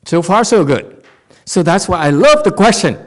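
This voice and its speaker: A man's voice: high-pitched, sing-song, normal speed. A man with a Korean accent giving a dharma talk as a Zen master, playful, telling stories and laughing often.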